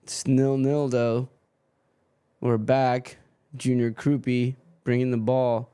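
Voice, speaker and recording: A man hosts a live football watchalong, calling play and swearing at a stream that keeps cutting out. He talks slowly in a smooth, clear voice at an average pitch. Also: little pitch movement, warm tone. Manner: swearing, grumbling over a freezing stream.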